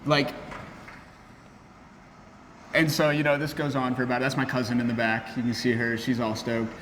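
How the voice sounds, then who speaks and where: A young man, a barista, telling a story in an animated, slangy way, his voice jumping up when he gets excited. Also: medium pitch, normal speed, slight background noise. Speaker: barista and café worker. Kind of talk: casual storytelling chat. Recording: roomy echo with long reverb, faint ambience.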